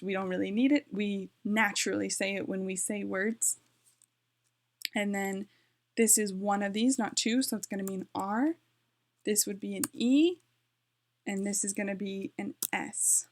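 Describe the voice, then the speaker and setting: A woman walks through a beginner lesson at home in a loose, chatty way. She corrects herself mid-sentence as she types, and her voice sits at an ordinary middle pitch. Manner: chatty, self-correcting, talks while typing. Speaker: language learning vlogger. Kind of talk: casual tutorial. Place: home, with her dog nearby.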